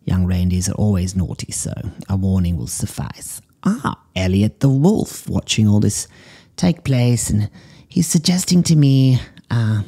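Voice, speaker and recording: A man puts on an eccentric middle-aged woman, a pet psychic, in a comedy sketch. Her voice is low, husky and mellow, and she drifts through odd animal readings in a breezy, deadpan way. She calls everyone darling. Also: unhurried, full character voice. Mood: airy. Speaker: host. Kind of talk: improvised character comedy monologue.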